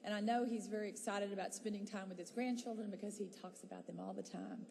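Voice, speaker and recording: Quick, mellow-voiced woman in a hall. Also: mid-range voice, steady tone, gravelly. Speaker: state legislator. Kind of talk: brief floor tribute. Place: large legislative chamber. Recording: long hall reverb.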